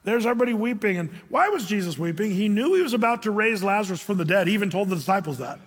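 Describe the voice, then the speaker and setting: A man delivers a lively sermon in a high, slightly husky voice, his words carrying a long reverb through a large church hall. He preaches as a pastor and now and then slips into quoted voices. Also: racing. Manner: animated, acts out quoted voices.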